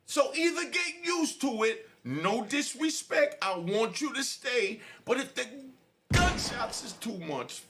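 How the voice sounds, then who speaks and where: A middle-aged man, a podcast host telling a street story in an animated, slangy way. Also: high voice, background noise. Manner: animated, slangy, frequent "you know".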